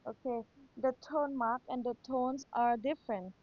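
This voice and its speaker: A woman's voice: fairly high pitch, steady tone, a little slow, a little mellow, dry recording. A woman teacher with a Thai accent, patiently reviewing material for an exam and repeating key points. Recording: dull lo-fi sound.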